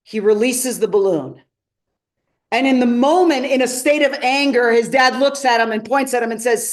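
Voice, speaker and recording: High-voiced woman coaching a seminar audience. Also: normal speed. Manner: emphatic, asks the audience questions. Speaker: transformational coach. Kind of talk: live seminar teaching.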